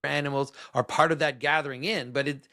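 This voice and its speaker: A man's voice: a little high, steady tone, brisk, bright, forceful tone, no room sound, clean studio sound. A man speaking as a guest in a played clip, explaining his views in an earnest, conversational way.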